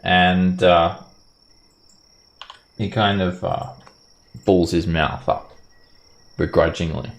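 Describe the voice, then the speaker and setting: A man narrating as game master of a tabletop game, in a relaxed, casual way. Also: low voice, takes it slowly, pauses often.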